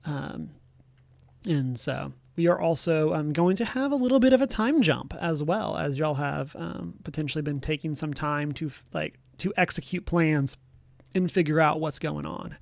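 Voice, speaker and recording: Game master, gravelly fry, dry close sound, rambling with ums. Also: medium pitch, dry recording. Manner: relaxed, rambling with many "um"s. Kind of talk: casual game master narration.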